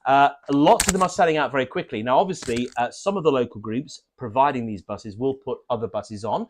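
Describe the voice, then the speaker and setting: A man's voice: mid-range voice, a little fast. A man from Norfolk co-hosting a live stream, chatty and rambling, often correcting himself. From Norfolk, England. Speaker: livestream co-host. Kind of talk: casual livestream hosting.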